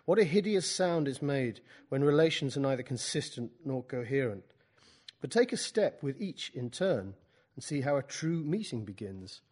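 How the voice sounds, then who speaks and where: A British author talks informally to a group of writers, pausing often with fillers and restarts. He reads passages from his book between wry asides, at an ordinary mid pitch. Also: sing-song, darkish tone. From Britain. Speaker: author reading and teaching writers. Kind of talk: informal talk with book readings.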